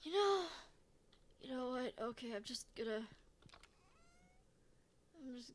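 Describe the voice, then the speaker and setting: A woman's voice: sits high, lively intonation, slow pace, pauses often, a little hiss or hum. A woman streamer giving casual let's-play commentary, rambling to herself with frequent restarts and giggles. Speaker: game streamer.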